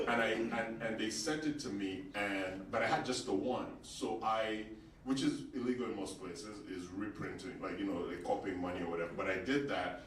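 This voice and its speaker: A man's voice: on the low side, a little fast. A man from Uganda doing a stand-up set, telling stories with acted-out voices and chatting with the audience. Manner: animated storytelling, acts out quoted voices, chats with audience. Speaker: stand-up comedian. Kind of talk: stand-up comedy set with crowd work. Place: comedy club stage with a live audience. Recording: roomy, distant club recording with audience noise.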